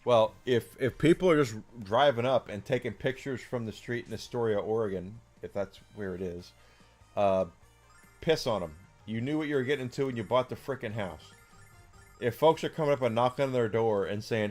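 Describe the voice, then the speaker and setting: A man's voice: medium pitch, moderate pace, a little mellow, soft background music. A man in his forties chatting casually and outspokenly as a streamer, rambling with many fillers. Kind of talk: casual chat while gaming.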